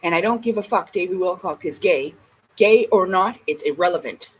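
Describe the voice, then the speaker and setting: A woman's voice: on the low side, animated, normal speed, husky, rough recording. A woman vlogger in a casual ranting monologue, blunt and emphatic, swearing heavily.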